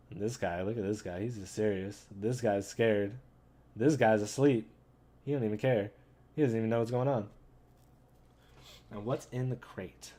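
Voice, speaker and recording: A man hosting a gaming channel, reading a comic with viewers in an excitable, chatty way and talking straight to them. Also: on the low side, moderate pace. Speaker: gaming YouTuber. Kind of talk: casual read-along commentary.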